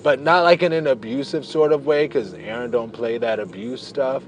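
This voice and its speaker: A man's voice: mid-range voice, moderate pace. Chatty playful man telling a story. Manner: chatty and playful, wandering into tangents. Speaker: vlogger. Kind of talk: casual storytelling to camera.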